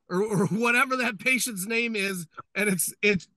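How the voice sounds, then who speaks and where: A man on a firefighter podcast, explaining earnestly what the work is like. His voice is high and extremely bright, and it sounds dry and close to the mic. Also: normal speed, no room sound. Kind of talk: casual chat.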